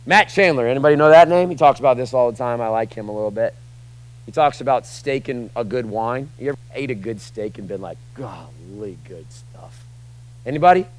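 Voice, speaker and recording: A male pastor preaching a casual sermon in church, joking with the room and swinging from quiet asides to loud, emphatic lines. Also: mid-range voice, expressive, fast, smooth, poor audio.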